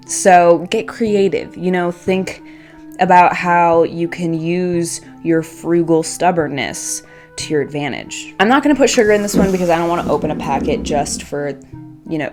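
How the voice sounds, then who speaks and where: Young woman rambling playfully, kinda low voice, cusses a lot, faint music behind. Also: darkish tone. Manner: chatty, playful, swears casually, talks to herself. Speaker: craft vlogger. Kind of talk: casual chat while arranging flowers. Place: home workstation.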